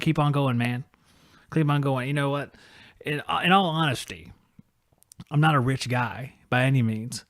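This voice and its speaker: A man's voice: fairly high pitch, no room sound, studio quality. A man hosting a live podcast, chatting casually in a rambling, joking, self-deprecating way. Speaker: podcast host. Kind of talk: casual livestream chat.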